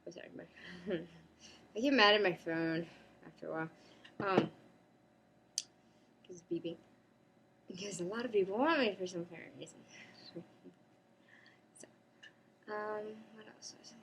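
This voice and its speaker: A woman's voice: mid-range voice, unhurried, vocal fry, long pauses, highs cut off, background noise. A woman chatting casually in a rambling home vlog, breaking off now and then to talk to her pet. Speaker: cosplay vlogger. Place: home apartment.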